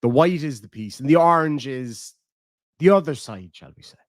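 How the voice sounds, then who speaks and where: A man's voice: on the high side, expressive, normal speed, dry recording, clean studio sound. An Irish man streaming, casually chatting and reading out viewer comments, swearing and laughing between rambling asides. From Ireland. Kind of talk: casual live-stream chat.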